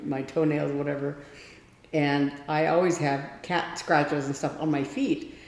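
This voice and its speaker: A woman's voice: deep voice, steady tone, unhurried, a little mellow. A woman co-hosting a casual podcast, talking in a rambling way with frequent laughter. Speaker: podcast co-host. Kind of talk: casual chat. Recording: roomy with long reverb.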